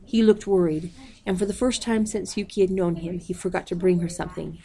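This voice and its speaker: Gravelly, low-voiced woman reading a story. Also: dark tone. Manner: measured, reads page numbers aloud. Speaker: audiobook reader. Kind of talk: storybook read-aloud.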